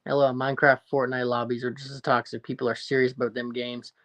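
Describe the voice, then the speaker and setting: A man's voice: medium pitch, little pitch movement, fast, a bit bright. A man with a Newfoundland accent hosting a casual livestream, reading out viewer comments and rambling jokily with frequent laughter. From Newfoundland, Canada. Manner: rambling and jokey, laughs often. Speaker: livestream host.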